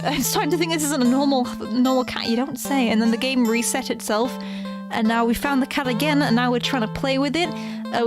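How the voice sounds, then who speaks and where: Woman, gaming streamer, reads game text aloud, expressive, laughing asides, slightly high voice, music behind.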